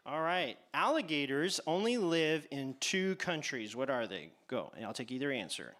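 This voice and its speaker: Upbeat male game-show host for kids, playful and teasing, pitch sits a bit high and swings widely. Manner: animated, teasing, exaggerated pauses. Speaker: quiz host at a church kids' event. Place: church hall stage.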